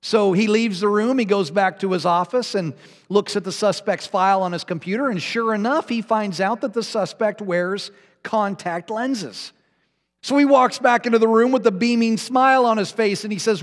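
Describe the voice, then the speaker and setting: A man's voice: high voice, normal speed. A man preaching a sermon as pastor, telling a joke with a playful, chuckling storyteller's manner. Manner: jokey storytelling, chuckling at his own jokes. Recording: long reverb of a hall.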